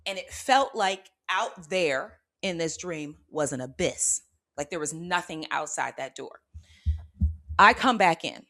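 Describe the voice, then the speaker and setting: A woman host recounting a personal experience in an expressive, conversational way. Her voice is bright and forward, and she keeps checking in with her audience as she acts out her own reactions. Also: lowish voice, measured pace. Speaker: spiritual channel host. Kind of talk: animated personal storytelling.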